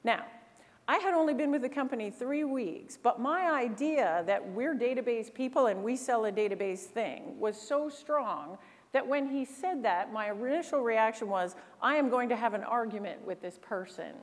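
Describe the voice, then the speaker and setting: Woman, keynote speaker, fairly high voice, very lively pitch, echoing hall. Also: normal speed. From Canada. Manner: animated, acts out quoted voices. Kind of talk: storytelling keynote talk. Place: large conference hall. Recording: long hall reverb.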